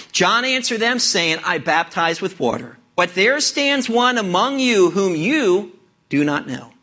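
A man preaching a sermon, asking the listeners earnest rhetorical questions with dramatic pauses. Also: high-pitched, bright, forceful tone. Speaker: pastor.

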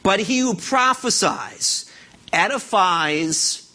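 A man preaching a sermon as pastor, lively and conversational, acting out what imagined listeners would say. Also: sits high, slow pace. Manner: animated, acts out imagined listeners.

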